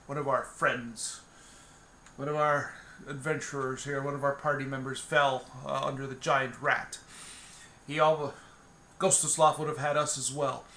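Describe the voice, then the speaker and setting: A man voicing a steady male adventurer who calmly reassures a freed captive in a tabletop game. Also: medium pitch, echoey room, a little hiss or hum.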